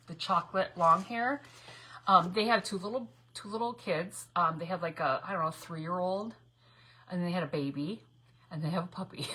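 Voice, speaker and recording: A woman with a bright, forceful voice talks through a craft project in a loose, rambling way. She laughs often and backtracks mid-sentence. A faint hiss of noise sits under her voice. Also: mid-range voice, poor audio. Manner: chatty, rambling, laughs often, self-correcting. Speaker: craft video host. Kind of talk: casual crafting tutorial.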